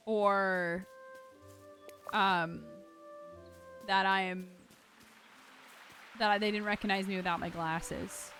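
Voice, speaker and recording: A young woman streaming a video game live, chatting casually to her viewers with excitable, loud outbursts. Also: medium pitch. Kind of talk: casual live-stream chat while gaming. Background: game music.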